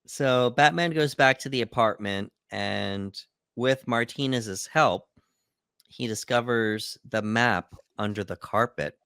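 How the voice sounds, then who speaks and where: A man's voice: mid-range voice, slow pace, gravelly, fairly bright tone, smooth, no room sound, studio quality. A man co-hosting a podcast, steadily recapping a movie in a casual chat, with many fillers. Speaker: podcast co-host.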